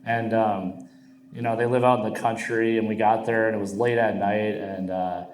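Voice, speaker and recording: A young man doing crude, animated stand-up storytelling on stage. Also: lowish voice, normal speed, a little hiss or hum. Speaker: stand-up comedian. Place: comedy club stage. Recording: roomy club sound. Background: audience laughter.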